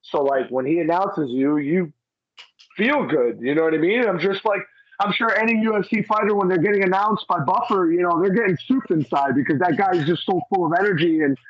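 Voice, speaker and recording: A wrestler in casual chat with an interviewer, talking loosely and filling gaps with "you know" and "like.". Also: male voice, high-pitched, brisk, muffled recording. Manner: rambling, many fillers like "you know" and "like". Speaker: wrestler guest.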